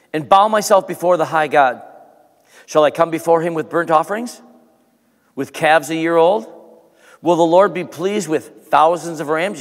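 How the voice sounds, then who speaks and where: Male pastor preaching in a reverberant church. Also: a little high. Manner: preaching with rising emphasis, dropping to a soft prayer. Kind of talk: sermon and prayer. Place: church sanctuary.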